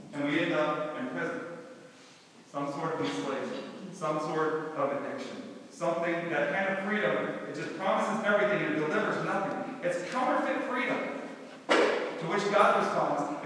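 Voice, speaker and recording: A man's voice: a little high, measured pace, long pauses, a bit bright, a little hiss or hum. A male pastor preaching a sermon with rhetorical questions and acted-out quotes, heard from a distance in a large hall. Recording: echoey hall, distant mic.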